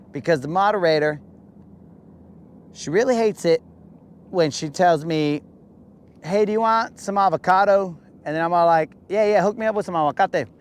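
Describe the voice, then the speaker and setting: A man hosting a casual fishing podcast, talking in a lively, slangy way and acting out the voices he quotes. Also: fairly high pitch, slight background noise. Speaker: podcast host. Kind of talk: casual chat. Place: boat on a lake.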